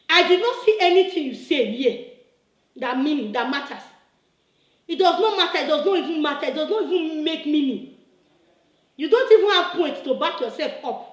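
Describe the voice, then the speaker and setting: Woman ranting into her camera, high voice, echoey room, keeps hammering the same point. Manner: scolding, repetitive, rising to emphatic bursts. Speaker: church member making a video reply. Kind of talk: impassioned video rant.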